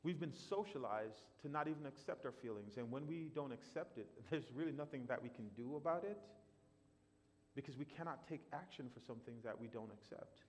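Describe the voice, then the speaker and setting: A man preaching a sermon in a church, animated, surging loud for emphasis and then dropping quiet and slow. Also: mid-range voice. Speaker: pastor. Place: church sanctuary. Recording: long reverb of a church hall.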